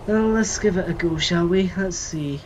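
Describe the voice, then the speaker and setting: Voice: medium pitch, normal speed, rough recording. A streamer talks casually through a live gameplay session. They chat with viewers in a mid-range voice and answer questions as they come in. Faint music runs underneath. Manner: chatty, reads and answers chat while playing.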